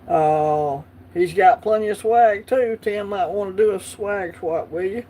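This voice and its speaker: Speaking in a high, warm voice at an unhurried pace, this Southern US man runs a casual livestream. He's easygoing and chatty, answering the chat as messages come in.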